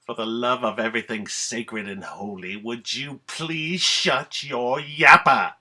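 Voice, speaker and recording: A man's voice: medium pitch, slow, a crowd in the background, lightly acted. A man playing an annoyed gamer who scolds someone over voice chat in an exasperated, formal way. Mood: fed up.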